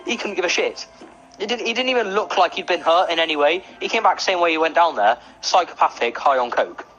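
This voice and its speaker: A young man telling a wild story in a casual chat, animated and full of swearing. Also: fairly high pitch, a little fast, lo-fi sound, faint music behind.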